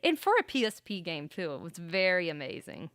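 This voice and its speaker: A woman's voice: fairly low pitch, very animated, brisk, a bit bright, no echo, clean studio sound. A woman chatting casually on a livestream, rambling about games with frequent laughs. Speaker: streamer.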